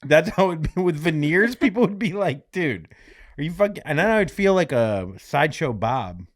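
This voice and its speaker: A young man co-hosting a comedy podcast, talking with a lively, swooping pitch that rises and falls as he jokes and slips into silly voices. His voice sits close and dry on the mic, with no room sound around it. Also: normal speed, dry recording. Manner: jokey, mock stutters and silly voices, laughs often. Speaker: podcast co-host. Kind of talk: casual comedic chat.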